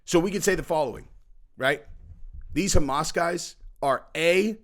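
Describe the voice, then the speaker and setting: A man hosts a podcast and talks through his opinions in a long commentary monologue. His voice sits a little higher than most men's. He is emphatic, repeats his points, and acts out how other people react. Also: a little slow. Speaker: podcast host.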